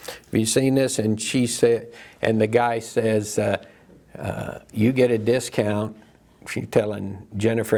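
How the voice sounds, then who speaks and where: A man leading a Bible study, talking in a reflective, loose way with frequent pauses and restarts. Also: on the low side, gravelly, a little mellow. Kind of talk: casual teaching talk.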